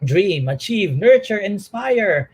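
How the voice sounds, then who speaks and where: A man's voice: high voice, sing-song, slow pace, slightly rough, poor audio. A man from the Philippines hosting a talk show, reading promos and interviewing a guest. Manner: reads promos at length, laughs at himself.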